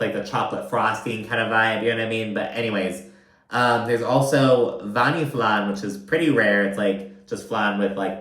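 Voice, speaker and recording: A man's voice: on the low side, fairly bright tone. Chatty young man in a roomy echo. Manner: chatty, rambling, lots of fillers, campy mock voices. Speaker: reality TV recap commentator. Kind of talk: casual recap commentary.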